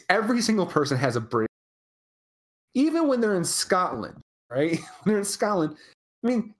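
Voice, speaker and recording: Podcast cohost rambling on, pitch bouncing all over, swears a lot. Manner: rambling and animated, swears freely. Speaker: podcast co-host. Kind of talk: casual live chat.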